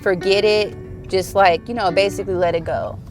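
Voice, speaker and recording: A woman's voice: medium pitch, steady tone, moderate pace, faint music behind. A young woman, talking to camera in a casual confessional vlog. She chats loosely, with lots of "like" and "y'all", and speaks from the heart about her faith. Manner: chatty, says "y'all" and "like" often, heartfelt and faith-driven. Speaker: vlogger.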